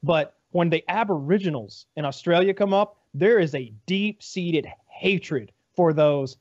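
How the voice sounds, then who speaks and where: A man's voice: on the high side, unhurried, no echo, dull audio. A man on a podcast telling a crude, rambling story with lots of filler. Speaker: podcast co-host.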